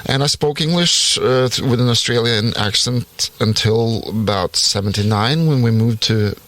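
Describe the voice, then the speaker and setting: A man's voice: medium pitch, normal speed, a bit bright. A man from Norway with a slight American Southern accent, a podcast guest talking in a thoughtful, casual way. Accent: American Southern, from a Norwegian-born speaker. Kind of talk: casual conversation.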